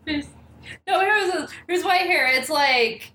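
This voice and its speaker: A woman co-hosting a podcast, telling a game's story in animated, profane bursts and voicing the characters as she goes. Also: high voice, slow. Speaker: podcast co-host. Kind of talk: casual chat recapping a game. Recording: echoey room with faint hiss.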